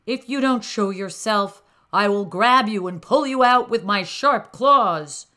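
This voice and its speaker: A woman voicing a bold father hawk in a storybook, yelling commands. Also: medium pitch, a little slow, pitched above the performer's own voice. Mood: threatening. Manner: commanding and forceful.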